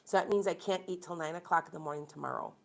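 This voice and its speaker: A woman's voice: on the low side, fast, gravelly. A woman from Wisconsin, a tarot reader and medium, chatting casually and rambling through opinions to viewers on a live stream.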